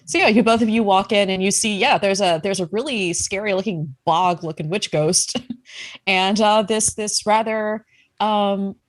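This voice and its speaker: A woman's voice: medium pitch, fairly even intonation, measured pace, dry recording. A woman running a tabletop game, narrating with fillers and frequent laughs. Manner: hesitant, giggly, many fillers. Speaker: game master.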